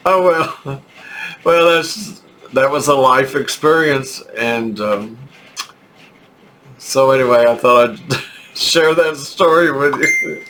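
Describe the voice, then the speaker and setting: An older man from Texas with a Texan accent, telling a rambling, halting story with chuckles in a casual vlog. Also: mid-range voice, bright, forceful tone, slight background noise. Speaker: vlogger.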